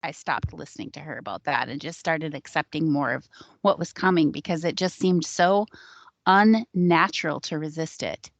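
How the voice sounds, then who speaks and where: A woman's voice: sits low, moderate pace, no echo. A woman recounting a personal experience in a casual, conversational way, with frequent ums and likes. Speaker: psychic sharing her experiences on a panel show. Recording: dull lo-fi sound, dry.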